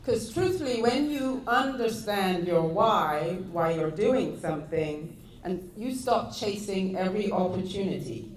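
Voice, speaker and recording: A British woman gives a motivational talk at a very slow, deliberate pace. Her voice sits at a middle pitch. The sound is echoey, with faint noise in the hall. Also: animated. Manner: measured and deliberate. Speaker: guest speaker.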